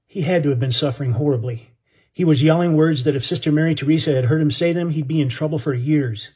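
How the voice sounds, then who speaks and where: A man's voice: a little high, fast, warm tone, husky. A man narrating an audiobook story in an earnest, dramatic way.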